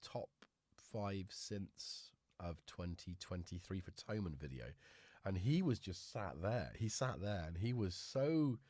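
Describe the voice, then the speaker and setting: A man hosting a relaxed live stream, chatting casually and talking fondly to his cats. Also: low-pitched, takes it slowly, no echo, studio quality. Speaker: livestream host.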